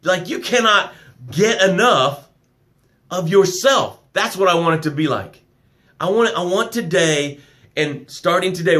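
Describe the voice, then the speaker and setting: On a live stream, a business coach with a higher-than-usual voice delivers an emphatic, affectionate pep talk. He reads viewer comments aloud, swinging between loud bursts and quiet asides.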